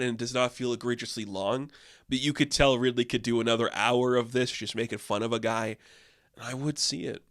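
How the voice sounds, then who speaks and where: A man casually reviewing a movie, loose and profane, full of "like" fillers, jumping up in pitch when incredulous. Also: a bit bright, dry recording, studio quality.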